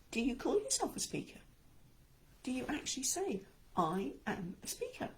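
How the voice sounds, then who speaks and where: Animated woman speaking coach, stuffy nose. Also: on the low side, vocal fry, rough recording. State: a bit stuffy-nosed. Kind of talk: talking-to-camera coaching talk.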